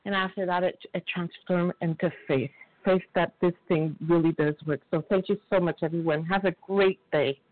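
A woman's voice: fairly low pitch, steady tone, moderate pace, no echo. A woman from Montreal sharing her recovery story at a meeting, heartfelt, acting out the voices of a story she tells. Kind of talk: personal recovery share. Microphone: phone call. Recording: tinny phone line.

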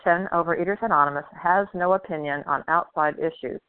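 A woman from Florida reads a numbered list at a meeting in a brisk, clear way. Her voice is smooth and crisp, and the phone line leaves it dry, thin and tinny. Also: lowish voice, no room sound. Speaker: meeting member. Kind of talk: reading traditions aloud. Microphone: phone call.

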